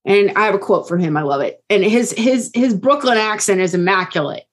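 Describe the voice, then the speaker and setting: A woman's voice: medium pitch, expressive, fairly quick. Woman co-host, casual true crime storyteller, frequent check-ins. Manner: casual, keeps checking in with okay. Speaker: podcast co-host.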